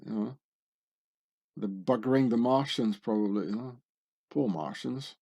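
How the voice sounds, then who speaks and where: Slow, dark-voiced man with sardonic asides. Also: medium pitch, gravelly. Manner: sardonic, conspiratorial asides with tag questions. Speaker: channel host. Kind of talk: screen-share commentary.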